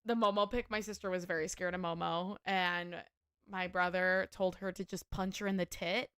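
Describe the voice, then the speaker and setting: A woman hosting a livestream, chatting casually and telling stories in an animated, profane way. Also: lowish voice, moderate pace, clean tone, no echo, studio quality. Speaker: livestream host. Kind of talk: casual chat while gaming.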